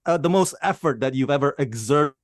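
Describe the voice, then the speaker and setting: A man's voice: mid-range voice, animated, a little fast, no echo, clean studio sound. A man hosting an interview who asks questions in an enthusiastic, chatty way. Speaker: interview host.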